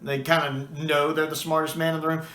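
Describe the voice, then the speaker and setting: A man's voice: a little high, little pitch movement, a little fast, pushed and bright, echoey room. A man chatting casually and enthusiastically as a video reviewer, with a few restarts and fillers. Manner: enthusiastic, acts out quoted lines.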